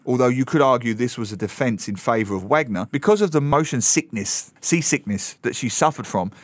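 This is a middle-aged man, co-hosting a talk show. He tells the story with animated, emphatic flair at a middle pitch. His voice is recorded close and dry. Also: brisk, no room sound. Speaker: radio co-host. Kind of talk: casual chat, storytelling.

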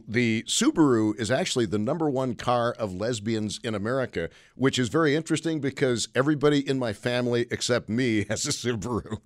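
A middle-aged man hosts a call-in radio show from the studio mic. He rambles, restarts his sentences and drops sarcastic jokes. His voice sits at a middling pitch. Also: fairly quick, hardly any pauses. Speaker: radio talk show host. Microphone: studio microphone.

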